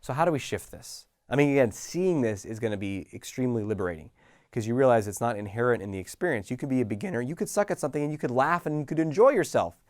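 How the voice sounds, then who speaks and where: Animated, casual man with a lively voice. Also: medium pitch, fast, dry recording, clean studio sound. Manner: casual and animated, acting out little scenes with sighs and laughs. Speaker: coach. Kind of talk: motivational talk to camera.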